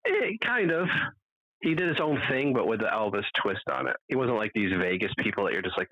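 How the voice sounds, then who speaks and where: A man's voice: on the low side, animated, brisk, no echo, muffled recording. A man co-hosting a podcast from home, telling rambling, profane stories in a casual chat. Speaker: podcast co-host.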